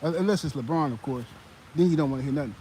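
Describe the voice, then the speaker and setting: A man hosting a live sports commentary stream, talking in a heated, animated way with many fillers and restarts. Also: on the high side, rapid-fire, slight background noise, rough recording. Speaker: sports commentary channel host.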